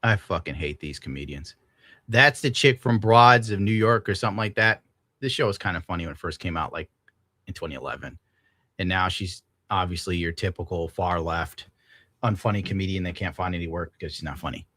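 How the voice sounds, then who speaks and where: A young man on a live stream, venting in a bitter, profane rant. His voice is bright and forceful, with a dry, close sound and no room around it. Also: deep voice, brisk, no room sound. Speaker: streamer reacting to a clip. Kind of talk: ranting live-stream commentary.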